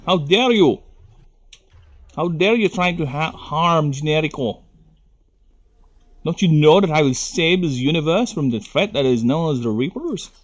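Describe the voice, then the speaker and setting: A man's voice: a little high, expressive, a little slow, pauses often. Pompous self-important space savior guy, a filipino streamer hamming it up with his filipino accent, all grand speeches. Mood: grandiose. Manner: grandiose, declamatory. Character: pompous self-declared male savior of the universe.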